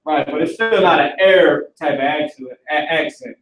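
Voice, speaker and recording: A man's voice: on the high side, moderate pace. A man teaching a live online class in a casual, slangy lecturing manner. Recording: echoey and distant from the mic.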